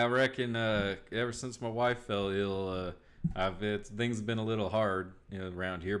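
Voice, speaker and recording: A man voicing a hard-up older frontier rancher who speaks with a folksy, halting drawl. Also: mid-range voice, fairly bright tone, clear, resonant tone, natural voice.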